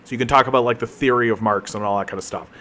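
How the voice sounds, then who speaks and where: A man's voice: medium pitch, steady tone, racing, sharp tone. A man chatting casually while he streams a game, rambling and joking at his own expense with plenty of restarts. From Canada. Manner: rambling, joking, self-mocking, many restarts.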